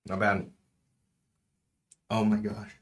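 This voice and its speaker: A man's voice: on the low side, completely flat delivery, slow, a bit bright. A man streaming casually at home, chatting through a food tasting and dropping in Spanish words.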